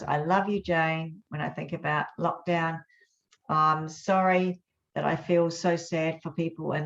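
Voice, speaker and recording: A woman hosting a motivational live talk, speaking in an earnest, reflective way with gentle pauses. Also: deep voice, vocal fry. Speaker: host. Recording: dull lo-fi sound.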